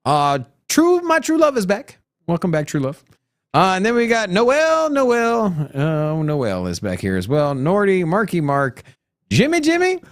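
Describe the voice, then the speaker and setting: A man co-hosting a casual crypto livestream, loud and playful, with hype shout-out greetings. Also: sits high, wildly swooping pitch, a little slow. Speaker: co-host.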